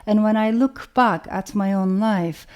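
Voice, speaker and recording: A woman author with a Turkish accent, speaking in a thoughtful, measured way and often saying "you know". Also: mid-range voice. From Turkey. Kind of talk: reflective talk to camera.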